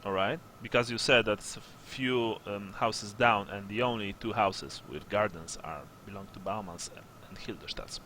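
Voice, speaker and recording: A man narrating a tabletop game as game master, halting and full of fillers. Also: on the low side, pushed and bright, slight background noise. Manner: halting, fills with uh and all right, slips into a gruff sergeant voice.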